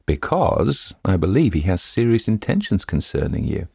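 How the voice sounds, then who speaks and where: Storybook role: a teasing, gossipy young officer, done by a man narrator with a very deep gravelly voice. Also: sing-song, normal speed, dark tone, no room sound, clean studio sound, heavily acted.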